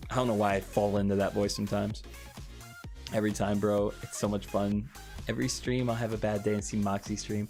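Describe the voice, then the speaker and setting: A young man hosting a casual live stream, chatting with viewers and answering their comments, often jumping into high excited squeals. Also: fairly quick, soft background music. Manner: animated, jumps into high excited squeals and laughs.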